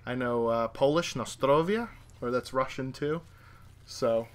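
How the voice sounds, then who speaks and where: A man's voice: mid-range voice, steady tone, a little slow, clean tone. A young man hosting a casual Q&A chat with his wife, joking and teasing. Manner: joking, self-mocking, teasing. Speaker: channel host.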